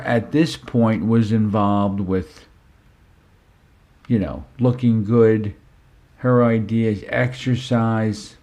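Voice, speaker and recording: A middle-aged man telling a family story as a parenting speaker, conversational and unhurried, often saying "you know". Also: medium pitch, warm tone. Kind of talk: storytelling talk.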